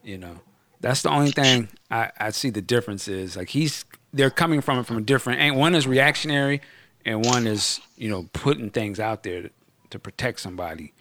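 A man with a mid-range voice hosts a podcast, talking a little fast as he reviews a film. It's a casual, animated chat full of slang, and he acts out the characters' lines.

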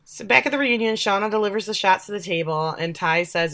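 A woman co-hosting a podcast, recapping a TV episode in casual chat and quoting the characters with animated voices. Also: mid-range voice, fairly quick, hardly any pauses.

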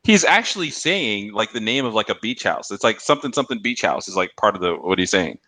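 Male podcast co-host, bright lowish voice, animated storyteller, dry close mic. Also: fast talker, no room sound. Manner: animated storytelling, acts out quoted commercials in raised voices. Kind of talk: casual chat.

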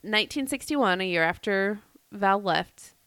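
A woman's voice: mid-range voice, animated, unhurried, fairly bright tone, clear, resonant tone, no room sound. A woman, co-hosting a podcast and telling a wild story in a jokey, laughing way. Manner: laughing, jokey retelling with quoted voices. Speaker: podcast co-host. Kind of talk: casual storytelling chat.

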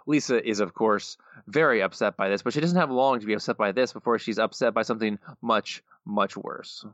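A man's voice: on the low side, a little fast, a bit bright, no room sound, highs cut off. A man co-hosting a podcast, recapping a cartoon episode in a wry, rambling casual chat. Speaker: podcast co-host.

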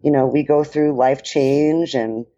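A woman with a New York accent co-hosting a casual podcast chat, talking with lots of fillers and lively quoted asides. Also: very deep voice, a little slow, lo-fi sound. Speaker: podcast co-host and dance professional.

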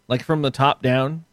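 A man's voice: a little high, fairly bright tone. A man on a casual podcast panel, crude and joking, swearing often.

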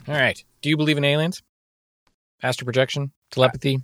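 A young man in casual comedic role-play, teasing and deadpan, running the challenges like a game master. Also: medium pitch, fast talker, slight background noise.

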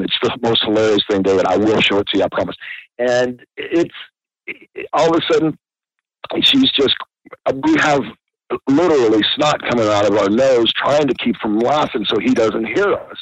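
A man's voice: medium pitch, moderate pace, a bit bright, dry recording, lo-fi sound. A man, a podcast guest, telling a rambling anecdote and laughing often.

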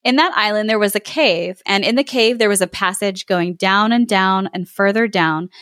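A woman podcast host reading a folk tale aloud, giggling and adding lively asides. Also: mid-range voice, normal speed, no echo, clean studio sound.

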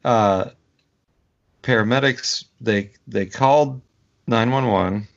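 A man co-hosting a casual political podcast, talking in slow, measured turns. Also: medium pitch. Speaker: podcast co-host. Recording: dull lo-fi podcast audio.

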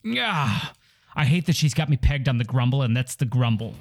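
A man's voice: medium pitch, fast talker, music in the background. A man hosting a comedy podcast, ranting in a grumbling, exasperated and wry way. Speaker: podcast host. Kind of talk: comic rant.

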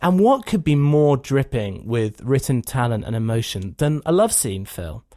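A man's voice: mid-range voice, sing-song, moderate pace, warm tone, no echo, clean studio sound. A man hosting a podcast, chatting casually and with a wry, joking manner. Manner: wry and jokey. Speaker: podcast host. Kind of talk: casual chat.

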